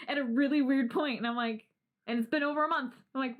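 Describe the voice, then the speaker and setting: Young woman co-host, bright higher voice, animated, laughs a lot, curses casually. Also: a little slow. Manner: animated, laughing, swears freely. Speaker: podcast co-host. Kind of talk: casual chat.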